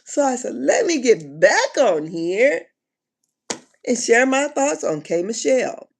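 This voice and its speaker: A woman chatting casually on a live stream, animated and slangy, often laughing and exclaiming. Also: on the high side, takes it slowly, slight background noise. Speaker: reality TV commentator.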